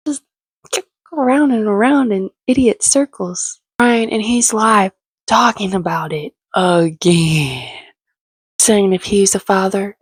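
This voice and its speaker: A woman's voice: medium pitch, slow pace, breathy edge, no room sound. A woman giving casual, sarcastic, opinionated commentary as she recaps a reality show.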